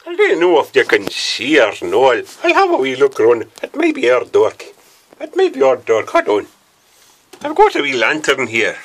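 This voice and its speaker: A man's voice: fairly high pitch, pushed and bright. A Scottish man chatting casually to the camera in a small hut, rambling on and ending nearly every phrase with a questioning "eh?". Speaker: vlogger. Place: small cluttered wooden hut, indoors.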